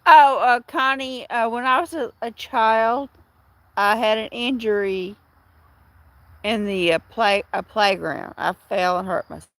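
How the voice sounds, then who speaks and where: A middle-aged woman talks casually to her livestream viewers from home, wandering from story to story with frequent restarts. Her voice has a gravelly fry to it, and the sound is close and dry with no room echo. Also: fairly high pitch, a little slow, a bit bright. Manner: rambling, chatty storytelling with many restarts. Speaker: livestream host.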